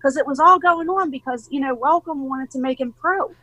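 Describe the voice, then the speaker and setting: A woman in her forties with a high, bright voice, chatting in an interview. She is an animated storyteller who acts out other people's lines and laughs easily. Her voice is recorded close and dry, with no room sound. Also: fairly quick, dry recording, low-quality recording. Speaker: guest, mother of young skateboarders. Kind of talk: casual interview chat.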